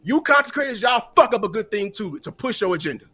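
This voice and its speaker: A man's voice: sits high, lively intonation, quick pace, pushed and bright, breathy edge. A man content creator ranting angrily and profanely on a watch-party stream, with stumbling repeats. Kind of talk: heated casual rant.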